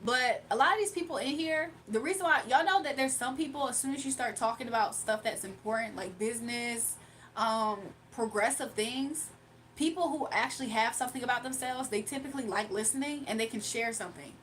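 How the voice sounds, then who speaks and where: A woman's voice: fairly high pitch, fairly quick, fairly bright tone, a little hiss or hum. A young woman hosting a livestream, talking casually and combatively to her chat, mocking and defending herself. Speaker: livestream host.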